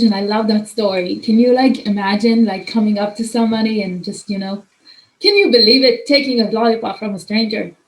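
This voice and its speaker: A woman's voice: a little high, warm tone, echoey room, rough recording. A young woman with a non-native command of English hosting a casual mentoring workshop, effusive and chatty with many fillers. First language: not English. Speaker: host of a mentoring clinic. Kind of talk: casual online workshop talk.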